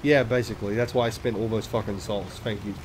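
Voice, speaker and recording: A man's voice: fairly low pitch, steady tone, fast, noisy background. A man hosting a let's play, giving casual gameplay commentary, swearing often and making self-mocking, chatty asides. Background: game music.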